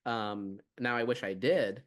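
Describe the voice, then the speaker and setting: A man's voice: on the low side, steady tone, measured pace. A man co-hosting a podcast in casual chat, rambling and playful. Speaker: podcast co-host.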